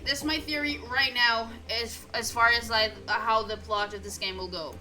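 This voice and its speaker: A woman's voice: a little high, fairly even intonation, moderate pace, hardly any pauses, sharp tone. A woman streamer giving casual let's-play commentary, incredulous and swearing, with stumbling restarts.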